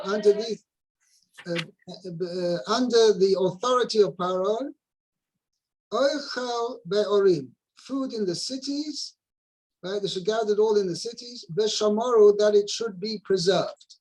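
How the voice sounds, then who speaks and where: A man's voice: high voice, measured pace, low-quality recording. A man teaching a study partner, patiently translating and explaining a text step by step.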